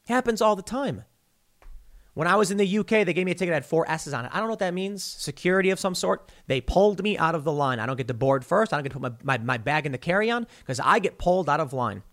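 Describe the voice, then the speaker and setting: A male podcast host giving a heated monologue, animated and stammering often as he restarts his sentences. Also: fairly high pitch. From United States.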